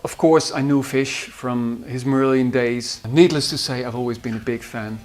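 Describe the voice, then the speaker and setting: A man with a Dutch accent, a musician recalling studio sessions in a halting way with many fillers. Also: mid-range voice, steady tone, a little mellow. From Netherlands. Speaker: musician and producer. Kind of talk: behind-the-scenes recollection.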